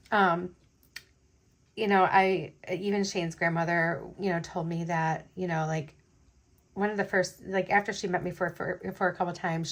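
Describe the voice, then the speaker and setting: Beading host, woman, middle-aged, loose chatty delivery full of fillers. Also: fairly low pitch. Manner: chatty, many fillers, rambling. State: choked up, teary. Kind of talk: casual chat while beading.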